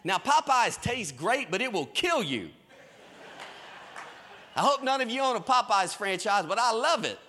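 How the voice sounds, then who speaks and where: A man preaching a sermon in a lively storytelling way, with folksy Southern phrasing. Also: high voice, measured pace, pauses often, slight background noise. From American South. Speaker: pastor. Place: church stage.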